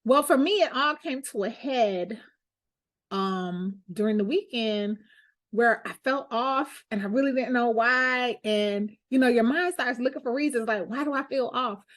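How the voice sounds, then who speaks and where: A woman's voice: a little high, measured pace. A woman, a lawyer hosting her own show, sharing a candid, heartfelt personal reflection in a conversational way.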